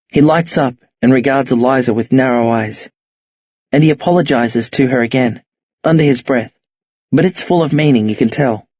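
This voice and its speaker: Husky-voiced male audiobook narrator. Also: mid-range voice, darkish tone, dry recording, highs cut off. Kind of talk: first-person audiobook narration.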